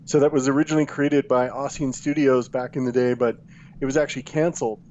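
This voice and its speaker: A man's voice: medium pitch, fairly even intonation, fast talker, a little mellow, highs cut off. Man, podcast guest, casual chat, jokey, laughs a lot, faint background hiss. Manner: jokey, laughs often, puts on gruff ogre voice. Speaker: game studio guest.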